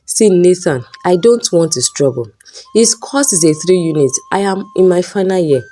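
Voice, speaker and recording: A woman's voice: on the low side, lively intonation, normal speed, warm tone, a little hiss or hum, lightly acted. A woman voicing a young female student who talks in a pleading, indignant way in a storybook reading. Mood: distressed.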